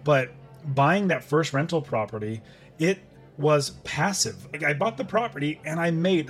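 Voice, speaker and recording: A man's voice: fairly high pitch, animated, moderate pace, faint music behind. A middle-aged man, a podcast guest, telling a personal story in conversation and acting out his own past thoughts.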